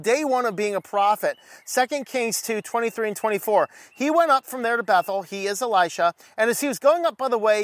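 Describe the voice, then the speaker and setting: Animated, joking male Bible teacher. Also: very high voice, no room sound. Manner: animated, joking, reads scripture aloud, acts out dialogue. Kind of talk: casual Bible study talk.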